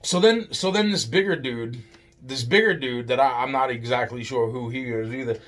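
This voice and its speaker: A man's voice: mid-range voice, moderate pace, fairly bright tone. Rambling, profane male storyteller. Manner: profane, rambling, full of restarts and "it's like".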